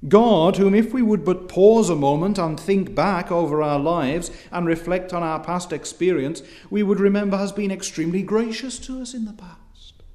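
A man with a high, mellow voice preaches an expository sermon in a measured, formal way. He reads scripture and rises in force when impassioned.

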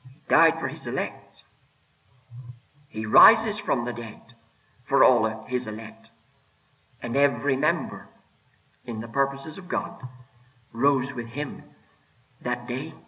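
A man preaching a sermon with emphatic delivery, rising and dropping, slowing right down to stress his words. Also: mid-range voice, animated. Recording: dull lo-fi sermon recording.

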